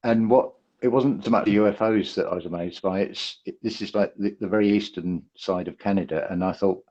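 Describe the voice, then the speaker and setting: Man from the UK, low voice, hesitant casual chat, muffled lo-fi sound. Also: a little fast, few pauses, warm tone. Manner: hesitant, restarts sentences. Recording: dull lo-fi audio.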